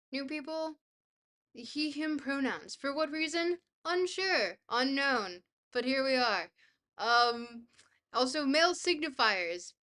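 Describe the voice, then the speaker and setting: Bubbly young woman streamer, bright voice. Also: sits high. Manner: bubbly, goofy, self-deprecating. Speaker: livestreamer. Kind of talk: casual chat, reading viewer messages.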